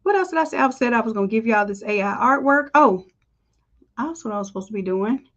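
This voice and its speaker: A woman's voice: on the high side, expressive, fast talker, lo-fi sound. Chatty woman teaching design live. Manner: chatty, upbeat, talks to viewers as y'all. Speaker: design instructor. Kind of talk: live screen-share tutorial.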